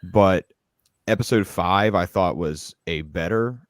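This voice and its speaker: A young man with a deep voice, heard close and dry with no room around him. He co-hosts a casual movie review chat, hesitant and wry, repeating words as he gathers his thoughts. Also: slow pace, dry recording. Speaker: podcast co-host.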